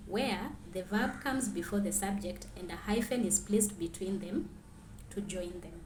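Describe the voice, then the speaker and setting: A woman teaching a grammar lesson, clearly reading out French example sentences and then translating them. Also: mid-range voice, a little mellow, echoey room, slight background noise.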